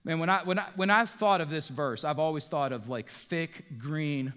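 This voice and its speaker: A male pastor from the northeastern United States preaching a sermon, swinging between hushed lines and rising emphasis. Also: fairly high pitch, normal speed, clear, resonant tone, long reverb tail. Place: church sanctuary.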